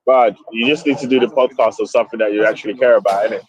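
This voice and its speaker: A man's voice: lowish voice, steady tone, very fast, crowd noise. A man hosting a casual online chat, laid-back and slangy. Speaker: host. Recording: dry, slightly dull online audio.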